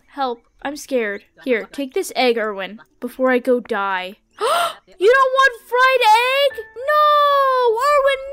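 A young adult woman giving casual gameplay commentary, excitable, pleading with and cursing at the game as she plays. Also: sits high. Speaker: gaming YouTuber.

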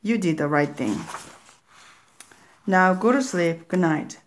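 A woman's voice: lowish voice, lively intonation, slow, a little hiss or hum. A woman voicing a mother who calls out for her hiding children, in a storybook reading. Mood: calling.

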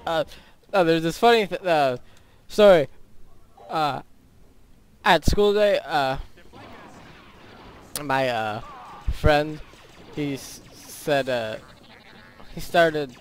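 A man's voice: on the high side, drawn-out words, long pauses, slight background noise. A teenage boy giving rambling, goofy commentary over a game he is playing, with silly sound effects. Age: teens. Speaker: gaming YouTuber. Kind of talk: casual gameplay commentary.

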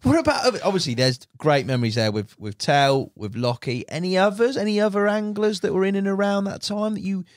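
Animated podcast host with a dry sound. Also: male voice, high voice, fairly quick, hardly any pauses, no room sound. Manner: chatty, reacts with short interjections, asks long rambling questions. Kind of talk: casual interview chat.

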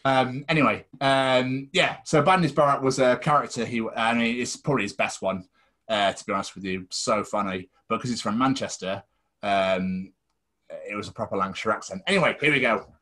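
A man's voice: mid-range voice, fairly quick, fairly bright tone. A man co-hosting a podcast in casual chat, rambling and swearing freely. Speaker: podcast co-host.

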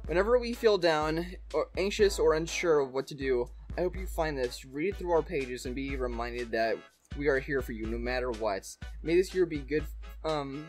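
A man in his twenties opening fan mail on his channel, expressive, laughing often and swinging from excited squeals to soft, touched tones. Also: on the high side, normal speed, faint music behind. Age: 20s. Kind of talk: casual fan-mail reading.

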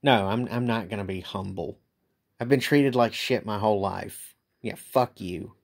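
A tired man venting in a bitter, profane late-night vlog monologue, with many halting restarts. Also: on the low side. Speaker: vlogger.

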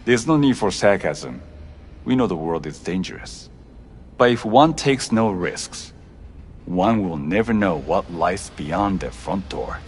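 A serene wandering monk in a video game. He speaks formally and with measured calm, in a fairly low voice. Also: breathy edge, soft background music, exaggerated voice.

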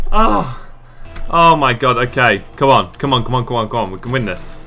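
Excitable gamer yelling at the match. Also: male voice, mid-range voice, a little slow, long pauses, slight background noise. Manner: excitable, shouts at the game, self-mocking groans. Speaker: gaming channel host. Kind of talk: let's play commentary.

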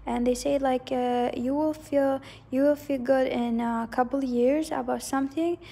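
A woman gives a loose, wandering tarot reading, circling back to repeat her points and hedging as she goes. Her voice sits a little high, with a mellow, dark tone and plenty of vocal fry. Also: steady tone, a little slow. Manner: rambling, hedging, repeats herself. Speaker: tarot reader. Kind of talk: casual psychic tarot reading.

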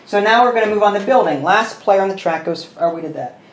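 A man hosting a board game session, explaining the rules and counting pieces out loud as he plays. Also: high-pitched, expressive, fast talker. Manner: thinks aloud, counting pieces and muttering rules. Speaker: host. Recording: roomy room with faint noise.

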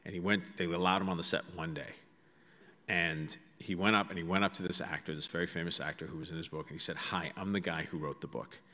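A man telling funny stories to a live audience in a large auditorium, animated and full of asides. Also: low-pitched, fast. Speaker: guest speaker. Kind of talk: comic storytelling to a live audience. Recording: reverberant hall sound.

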